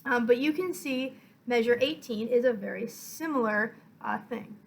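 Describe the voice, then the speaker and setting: A woman teaching a violin lesson, talking her students patiently through each measure. Her voice sits a little high, and she counts the rhythm aloud as she explains. A faint hiss stays under her speech. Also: moderate pace, vocal fry, low-quality recording. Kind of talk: online music lesson.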